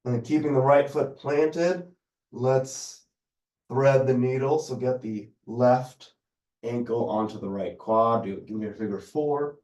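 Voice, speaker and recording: A man leading a yoga class, giving calm, unhurried cues for stretches and breathing. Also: medium pitch, roomy sound, distant mic. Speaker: yoga instructor. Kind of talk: guided yoga class instruction.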